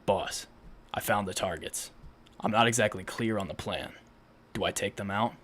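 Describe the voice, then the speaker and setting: A man voicing a wary, grudging male sniper henchman in a live fan drama read, in a flat, serious voice. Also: lowish voice, moderate pace.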